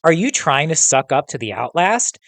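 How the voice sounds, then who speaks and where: A man's voice: on the high side, sing-song, normal speed, gravelly, fairly bright tone, no echo, pitched above the performer's own voice, exaggerated voice. A man voicing an accusing alien girl ambassador. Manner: accusing, insistent.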